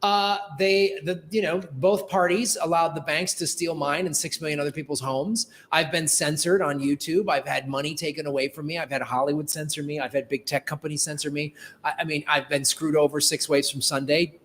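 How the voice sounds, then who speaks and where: Guy comedian hosting a stream, kinda higher voice, rambles and restarts a lot. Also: fairly even intonation, a little fast, fairly bright tone, slight background noise. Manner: earnest, rambling, self-interrupting. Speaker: comedian and show host. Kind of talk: casual chat on a live stream.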